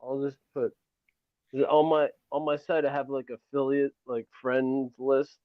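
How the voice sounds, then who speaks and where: A man in the middle of the pitch range chats casually and easily with a guest, his speech loose and slangy. The audio sounds dull and muffled, and his voice is dry with no room sound around it. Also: level tone, unhurried, no echo. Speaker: watch party host. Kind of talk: casual chat.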